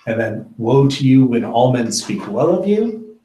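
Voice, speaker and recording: A man's voice: mid-range voice, very animated, unhurried, warm tone. Man teaching Bible in an echoey room. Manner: conversational, many fillers and restarts. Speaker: pastor leading a Bible study. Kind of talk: informal Bible teaching with discussion.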